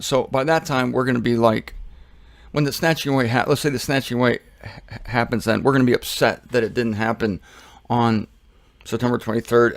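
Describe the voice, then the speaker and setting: A man's voice: medium pitch, no echo. A man giving casual Bible teaching, rambling and joking with self-deprecating asides.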